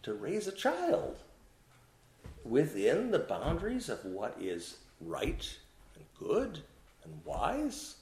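A man's voice: a little high, huge pitch swings, slow pace, darkish tone. A man preaching a sermon, asking the congregation questions and answering them himself. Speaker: pastor. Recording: echoey room.

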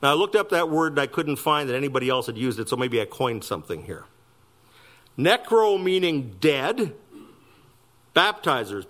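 A man preaching a sermon, emphatic with wry asides. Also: fairly bright tone. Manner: emphatic preaching with wide swings of pitch and pace, wry asides. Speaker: pastor.

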